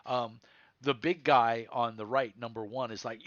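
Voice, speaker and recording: A man's voice: medium pitch, fairly even intonation, measured pace, a bit bright, no echo. A man narrating a tabletop game as game master, in a casual, rambling way with many fillers. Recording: dull lo-fi mic, dry.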